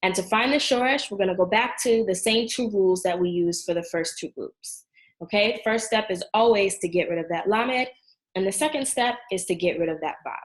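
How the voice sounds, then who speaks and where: A woman teaching a Hebrew verb lesson, going clearly and patiently through sound patterns and conjugations. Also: medium pitch, fairly quick, low-quality recording. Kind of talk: language lesson.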